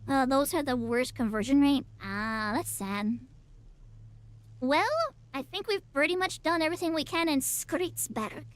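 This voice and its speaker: High-voiced playful woman streamer. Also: measured pace. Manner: chatty, playful and self-mocking. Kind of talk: casual gameplay commentary.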